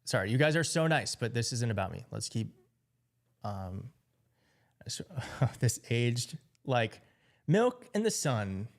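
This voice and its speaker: A man's voice: mid-range voice, big pitch swings, slow pace, a little hiss or hum. A man hosting a casual live stream, reacting sarcastically to chat messages and news clips. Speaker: livestream host.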